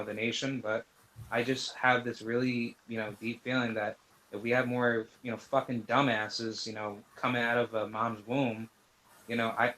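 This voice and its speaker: A man's voice: mid-range voice, a bit bright, low-quality recording. Rambling crude man. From United States. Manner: rambling, crude, many fillers. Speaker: podcast host. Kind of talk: casual group chat.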